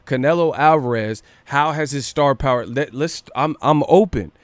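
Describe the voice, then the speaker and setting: A man hosting a boxing news livestream, ranting casually with profanity and rapid rhetorical questions. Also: medium pitch, no room sound.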